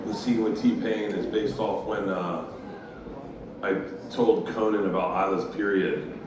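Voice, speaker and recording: A man doing a stand-up comedy set, telling a profane, loud story. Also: lowish voice, fairly even intonation, a little slow, background noise. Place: live comedy club with a crowd. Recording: far-off room mic, loud crowd and echo. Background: audience laughter.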